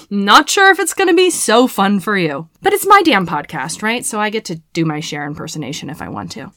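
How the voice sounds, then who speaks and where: A woman's voice: mid-range voice, big pitch swings, moderate pace, fairly bright tone, no echo, clean studio sound. A woman hosting her own podcast, casual and playful, with frequent swearing. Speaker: podcast host. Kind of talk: solo podcast intro.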